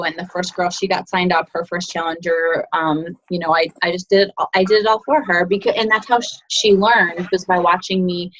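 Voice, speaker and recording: A woman's voice: on the low side, a bit bright, slight background noise. A woman coaching her team on a group video call, chatty and encouraging. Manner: encouraging, chatty, fast asides. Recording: dull lo-fi call audio.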